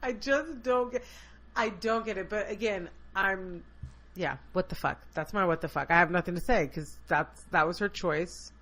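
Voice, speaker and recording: A woman with a bright, forward voice co-hosts a casual podcast. She tells her stories with animated, profane energy. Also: on the low side, normal speed. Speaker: podcast co-host. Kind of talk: casual chat.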